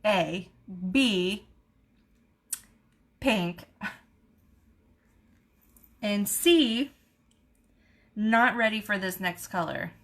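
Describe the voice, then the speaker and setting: Woman, middle pitch, chatty and animated, casual live-stream vlog. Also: very slow, long pauses. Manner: chatty, animated storytelling with laughs. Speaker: beauty vlogger host. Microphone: camera mic on a live stream.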